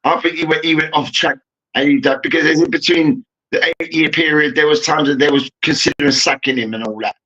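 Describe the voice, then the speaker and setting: A young man rants through a heated sports debate, swearing and calling out "hear me now" again and again. His voice sits high and sounds bright and sharp. The recording is dull and lo-fi. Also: steady tone, brisk. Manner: ranting, profane, repeats "hear me now". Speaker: debate show host.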